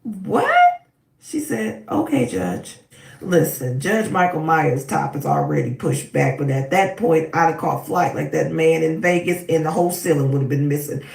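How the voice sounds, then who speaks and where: A woman casually recapping a court trial, animated and acting out quotes with sudden loud bursts. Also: medium pitch, far from the mic. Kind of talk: casual commentary. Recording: echoey room, voice off-mic.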